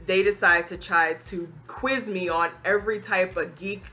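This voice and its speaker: A young adult woman telling a casual storytime vlog, animated and expressive, quick to laugh and acting out what people said. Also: fairly low pitch, faint music behind.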